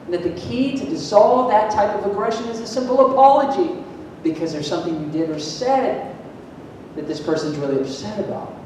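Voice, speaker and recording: A man from Florida giving a lively, emphatic talk to an audience, asking them questions, heard from a distance in a large hall. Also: brisk. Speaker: motivational speaker at a school event. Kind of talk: energetic public talk to an audience. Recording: echoey hall, distant mic, faint rumble.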